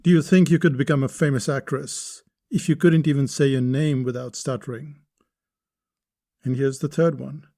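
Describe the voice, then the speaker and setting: A man's voice: medium pitch, steady tone, moderate pace, dark tone. A man hosting a podcast lesson on writing, explaining step by step and posing rhetorical questions to the listener. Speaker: podcast host teaching writing.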